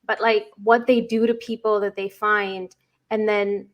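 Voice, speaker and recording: Woman, mid pitch, earnest panelist, halting restarts, casual chat. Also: little pitch movement, lo-fi sound.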